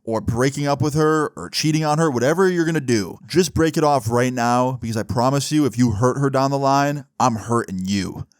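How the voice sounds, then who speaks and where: A blunt, overprotective middle-aged father who lectures in a stern tone, as a young man quotes him. The voice sits at an ordinary pitch, recorded close and dry with no room sound. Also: expressive, a little fast, a little mellow, no echo, lightly acted.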